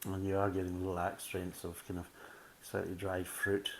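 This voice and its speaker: A man's voice: low-pitched, monotone, moderate pace, a little hiss or hum. A man giving a casual, methodical beer tasting review, full of "kind of" fillers.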